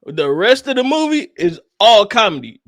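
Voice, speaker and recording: A man's voice: high-pitched, sing-song, normal speed, a bit bright, dry recording, studio quality. A man co-hosting a podcast, talking animatedly and profanely about a movie and laughing often. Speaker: podcast co-host. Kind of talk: casual movie review chat.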